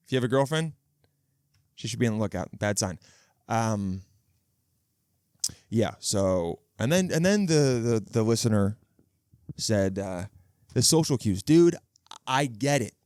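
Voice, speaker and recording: A man's voice: mid-range voice, a little mellow, no room sound. Rambling joking man podcasting, dry close mic. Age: 30s. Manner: rambling, joking, profane, restarts phrases. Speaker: podcast host. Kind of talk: casual solo podcast talk. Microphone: close studio mic.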